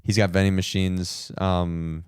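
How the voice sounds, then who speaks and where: A man's voice: low voice, little pitch movement, a little slow, smooth, no room sound, clean studio sound. Rambling young man hosting a solo podcast. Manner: rambling, self-deprecating, lots of fillers and restarts. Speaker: podcast host.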